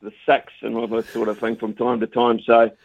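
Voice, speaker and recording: A man's voice: medium pitch, monotone, moderate pace, vocal fry, no room sound. A man, a cricket commentator chatting as a radio guest, stammering and repeating his words. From New Zealand. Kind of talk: casual radio phone interview. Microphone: phone. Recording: tinny phone line, dry.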